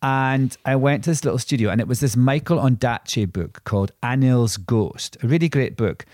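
In a studio-quality recording with no room sound, a man co-hosting a podcast wanders through anecdotes, backtracking and going off on tangents. His mid-range voice is a little mellow and moves at a moderate pace.

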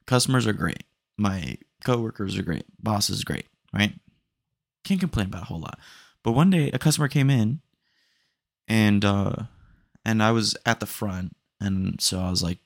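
A man's voice: on the low side, expressive, normal speed, gravelly, dry recording, clean studio sound. A young man hosting a casual solo podcast, telling rambling stream-of-consciousness stories and often saying dude. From Texas. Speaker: podcast host.

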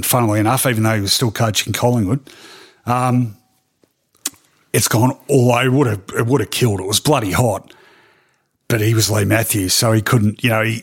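In a relaxed podcast interview, a middle-aged Australian man tells animated stories about his years as a sports journalist. His voice is medium-pitched, and he laughs and says "um" often.

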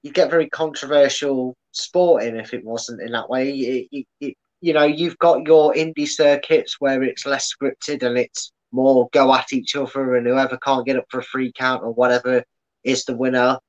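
A man's voice: medium pitch, steady tone, moderate pace. Chatty man, dull lo-fi sound. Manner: chatty, many restarts and fillers. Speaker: podcast host. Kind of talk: casual chat.

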